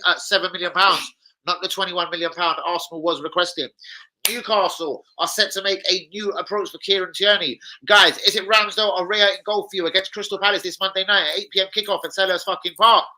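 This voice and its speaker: A man's voice: sits high, pushed and bright, poor audio. A man hosting a football fan channel, hyper and slangy, swearing freely through casual chat and a transfer news roundup.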